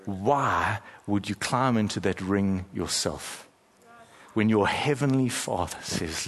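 A middle-aged man preaching a sermon as pastor, telling stories with emphatic pauses and dramatic slow-downs. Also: on the low side, animated. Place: large church hall. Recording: long hall reverb.

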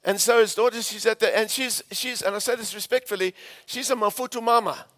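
A South African man in his fifties preaches to a church congregation, his voice a touch high. He tells stories animatedly, stumbling over restarts and laughing with the crowd. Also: brisk, sharp tone. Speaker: pastor. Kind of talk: sermon storytelling. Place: church before a live audience.

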